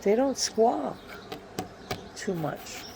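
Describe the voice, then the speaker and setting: Slow-talking woman rambling outdoors. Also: a little high, lively intonation, creaky, background noise. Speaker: vlogger. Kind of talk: rambling casual monologue. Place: backyard by a wooded area, outdoors.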